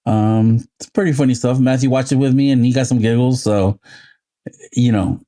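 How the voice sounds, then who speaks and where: A man's voice: mid-range voice, fairly even intonation, normal speed, mellow. A man co-hosting a casual podcast, rambling loosely and swearing as he chats. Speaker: podcast co-host. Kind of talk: casual chat.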